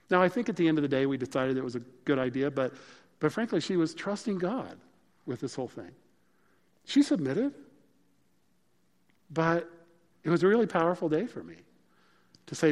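Guy preaching, chatty and funny storytelling, kinda high voice, big echoey hall. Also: big pitch swings, moderate pace, long pauses. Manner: conversational, humorous storytelling. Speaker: pastor. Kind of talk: sermon. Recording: long reverb of a large hall.

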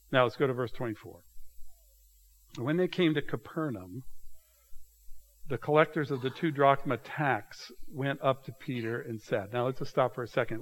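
A man's voice: medium pitch, rough recording. Man teaching a casual sermon. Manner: conversational, teacherly, often asks "okay?". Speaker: pastor. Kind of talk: expository sermon.

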